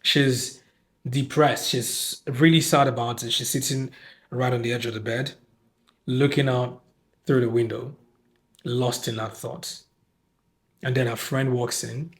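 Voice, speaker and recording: A man's voice: mid-range voice, measured pace. A man with a Nigerian accent hosting a podcast, giving a casual, exasperated film review and acting out lines from the film. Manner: animated, exasperated, acts out quoted lines.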